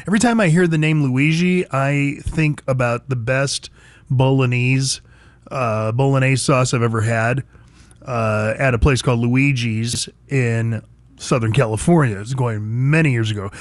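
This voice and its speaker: Blunt talk radio host, dry studio sound. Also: male voice, medium pitch, a little slow, dry recording. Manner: blunt, conversational, reminiscing with his producer. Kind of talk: opinionated talk radio monologue.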